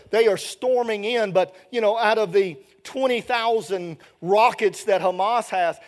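A middle-aged man preaching a sermon as an evangelist, folksy and colloquial, his voice rising loud and then dropping low.

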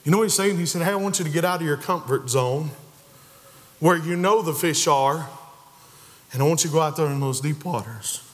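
A man's voice: a little high, brisk. A man preaching a sermon in a church, building emphasis and acting out the voices of the figures he quotes. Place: church sanctuary. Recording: long reverb of a church hall.

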